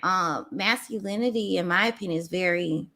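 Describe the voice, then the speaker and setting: A woman content creator speaks frankly as a podcast guest. Her delivery is lively and playful, with an open, conversational manner. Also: fairly low pitch, normal speed. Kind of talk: casual chat.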